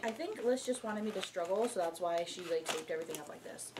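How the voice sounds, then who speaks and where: A young woman chatting casually and excitedly while opening gifts, swinging between gushing and hushed talk. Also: fairly low pitch, fast, noisy background. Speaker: friend opening gifts on camera.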